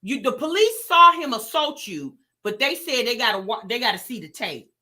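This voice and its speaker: A woman hosting a reaction channel, giving animated casual commentary straight to her viewers. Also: on the high side, normal speed.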